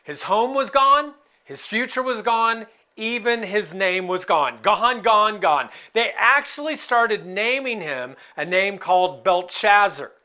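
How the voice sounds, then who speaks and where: A man delivers a sermon in an easygoing, expressive way, breaking in with playful asides. His voice sits fairly high and bright and swings widely in pitch. He takes his time, letting the words land. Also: measured pace, few pauses. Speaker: pastor.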